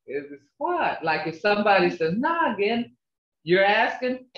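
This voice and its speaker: A woman's voice: mid-range voice, big pitch swings, unhurried, recorded from a distance. An older woman teaching a language class over a video call, coaching patiently and checking in with a frequent "okay?". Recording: muffled, echoey video call audio.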